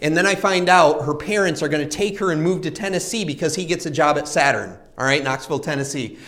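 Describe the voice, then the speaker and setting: Male preacher, high voice, earnest storyteller, rhetorical questions. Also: quick pace, a bit bright. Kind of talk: sermon.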